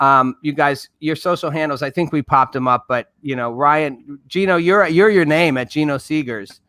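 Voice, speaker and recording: Bright-voiced older man hosting a talk show. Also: fairly high pitch, moderate pace, no echo. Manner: friendly, joking, encouraging. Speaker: host.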